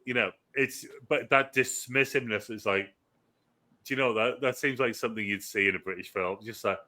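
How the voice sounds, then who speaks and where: A man's voice: medium pitch, sharp tone. A man co-hosting a film review chat, musing aloud with many restarts and casual swearing. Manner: halting, many restarts, profane. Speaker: film review podcast co-host.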